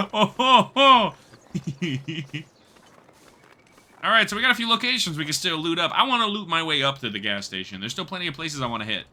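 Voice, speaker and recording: A young man streaming a survival game, talking casually, swearing, laughing and reading chat aloud. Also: a little high. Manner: animated, laughing, swears a lot, slangy. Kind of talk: casual gameplay commentary.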